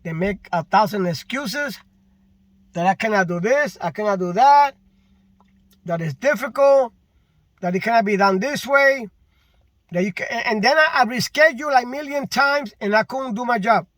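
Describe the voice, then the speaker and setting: A man with a very high, bright voice rants slowly about his work in a casual vlog. He is frustrated and repeats his points for emphasis. The recording is dry and close. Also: no room sound. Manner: frustrated, repetitive, emphatic complaining. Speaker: delivery driver.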